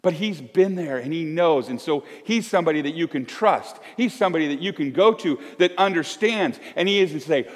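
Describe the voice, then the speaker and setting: A pastor in his fifties preaches with a lively, rising and falling voice pitched a little high. He talks conversationally, swinging from loud emphasis to hushed asides. The church hall lends a long reverb. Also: fairly quick, few pauses. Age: 50s. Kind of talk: sermon.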